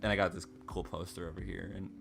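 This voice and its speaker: A man's voice: low voice, level tone, quick pace, gravelly, a bit bright, faint music behind. A man co-hosting a podcast, chatting casually in a rambling way, with lots of fillers and frequent laughter. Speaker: podcast co-host. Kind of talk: casual chat.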